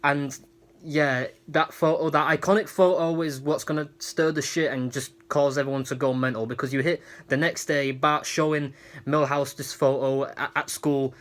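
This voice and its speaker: A man's voice: fairly high pitch, fairly even intonation, normal speed, a bit bright. A man giving a casual, rambling episode recap with many restarts. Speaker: episode reviewer.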